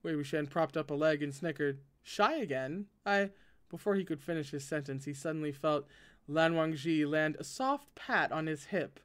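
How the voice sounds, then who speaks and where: A man's voice: on the high side, moderate pace, clear, resonant tone. A man reading a novel aloud and breaking off into casual commentary. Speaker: reader and commentator.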